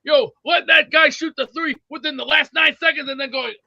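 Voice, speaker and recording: A man playing a cranky, blustery older male sports fan who rambles and rants excitably. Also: very high-pitched, fairly quick, creaky, dry recording, exaggerated voice. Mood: ranting. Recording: dull dry lo-fi sound.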